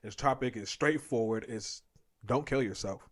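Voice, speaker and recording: A man's voice: medium pitch, moderate pace. A young man co-hosting a podcast in casual chat, talkative and laughing often, acting out bits of small talk. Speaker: podcast co-host.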